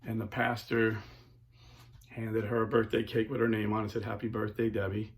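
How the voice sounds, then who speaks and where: A man hosting a Catholic talk show, telling stories in a casual, animated way. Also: fairly low pitch, a little fast. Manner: animated storyteller, casual with filler words. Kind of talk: storytelling talk.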